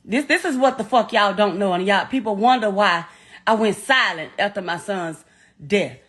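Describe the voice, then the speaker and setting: A middle-aged woman telling a painful story as a mother, in a blunt, halting way full of profanity. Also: medium pitch, fairly bright tone. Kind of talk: emotional first-person account.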